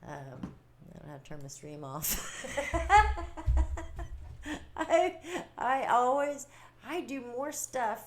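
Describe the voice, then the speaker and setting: A woman hosting a casual livestream, chatting warmly with viewers, reading their comments and laughing often. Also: on the low side. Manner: chatty, giggly, reading chat aloud. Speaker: livestream host.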